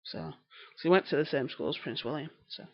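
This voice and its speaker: A woman's voice: sits low, lively intonation, a little fast. Woman, Yorkshire accent, rambling live-stream chat, knitting while talking, slightly muffled audio. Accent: Northern English, Yorkshire. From England. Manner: chatty, rambling, answering viewers' comments while knitting.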